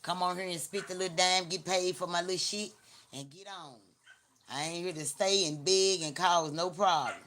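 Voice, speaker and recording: Hosting a live stream, a woman from Memphis, Tennessee talks with a Southern accent in a lowish, fairly bright voice, keeping a steady tone and moderate pace. She's blunt, slangy, teasing and repetitive in her casual chat.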